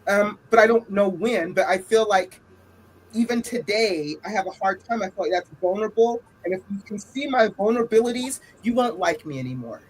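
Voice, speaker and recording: A woman speaking as a panelist on a podcast. She shares something personal in an open, halting way, circling back and repeating phrases as she finds her words. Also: mid-range voice, expressive, a little hiss or hum. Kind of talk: candid personal sharing.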